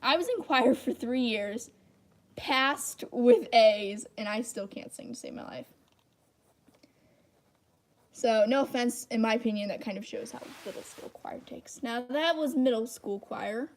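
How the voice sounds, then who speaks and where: A teenage girl hosts a casual livestream as she works on a drawing. Her voice sits a little high, and she rambles freely, making easy, self-deprecating jokes at her own expense. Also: measured pace. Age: teens. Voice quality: high-pitched voice. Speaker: channel host.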